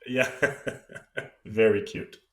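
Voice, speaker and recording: A man co-hosting a podcast in casual chat, teasing his co-host and laughing often. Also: very slow.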